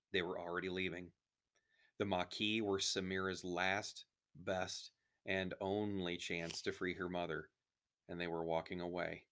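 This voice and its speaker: Low-voiced male reader, steady storybook narration for kids. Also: unhurried. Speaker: reader of a children's novel. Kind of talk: reading a story aloud.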